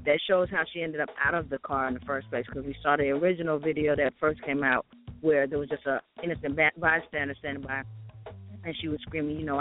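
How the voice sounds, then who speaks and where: A woman co-host giving a chatty news update, with lots of hesitant ums. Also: low voice. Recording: tinny phone-like sound with faint music.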